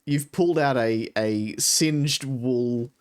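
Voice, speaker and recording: Man as dungeon master, middle pitch, casual and conversational. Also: slow pace, clear, resonant tone. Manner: conversational, asks players for rolls. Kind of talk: running a tabletop game.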